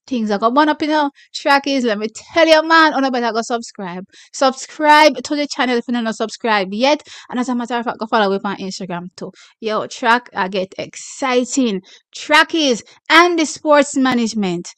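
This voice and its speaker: A woman's voice: fairly high pitch, lively intonation, normal speed, a bit bright, dry recording. A young adult woman with a Jamaican accent hosts a track-and-field channel, hyping the news and reading a press release aloud with chatty asides. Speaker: sports channel host.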